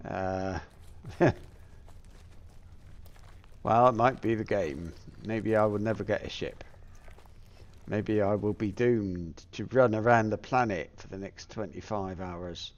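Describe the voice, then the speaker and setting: A man's voice: lowish voice, slow pace, long pauses, lo-fi sound. A middle-aged man from Plymouth, England, chatting casually over his gameplay and musing aloud with many fillers. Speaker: gameplay streamer.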